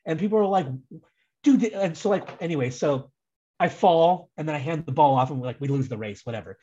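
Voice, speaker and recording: Young American guy, guest storyteller, casual and rambling, husky tone, muffled call line. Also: a little high, fairly quick. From United States. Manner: rambling, animated, heavy use of "like". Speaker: guest, soccer super fan.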